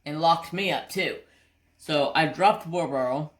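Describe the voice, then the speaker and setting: A woman hosting a craft channel, telling a rambling, animated story with mild cursing. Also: low voice, unhurried. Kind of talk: casual storytelling while crafting.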